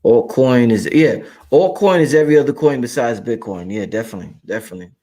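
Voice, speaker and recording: A man's voice: mid-range voice, fast, warm tone. A man hosting a livestream, talking casually, profane and emphatic, repeating lines for effect. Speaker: livestream host.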